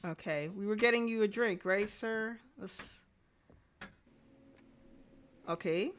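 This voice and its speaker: A woman's voice: mid-range voice, slow, a little hiss or hum. A woman streaming a game live, reading lines aloud and chatting in an amused, questioning way.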